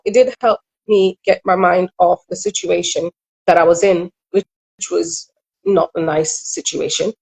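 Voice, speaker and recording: A middle-aged Kenyan relationship coach speaks candidly and reflectively in an interview, earnest in tone and given to quick asides. Her voice is medium-pitched, and the recording quality is low.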